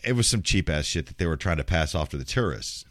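A man's voice: sits low, expressive, fast, fairly bright tone, no room sound, clean studio sound. A middle-aged man from Memphis, a radio host ranting bluntly and profanely in casual talk. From Memphis, Tennessee. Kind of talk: casual rant.

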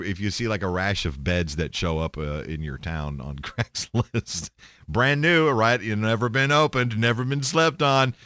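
A man's voice: lowish voice, fairly bright tone, dry recording, studio quality. A man hosting a podcast, talking in a blunt, rambling casual monologue with plenty of swearing and restarts. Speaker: podcast host.

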